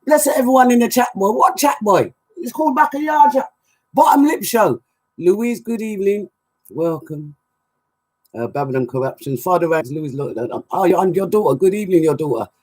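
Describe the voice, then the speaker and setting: A woman hosting a live music show, reading out chat shout-outs in a casual, animated way. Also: mid-range voice, moderate pace, slightly rough. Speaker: radio show host and DJ. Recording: music playing underneath.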